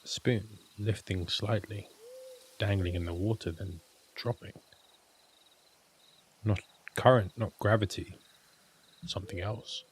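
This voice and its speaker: A man with a very low voice tells a scripted horror story. He keeps his pitch nearly level throughout and his pacing measured and grave. Faint hiss and crickets sit beneath his voice. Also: fairly even intonation. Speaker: narrator.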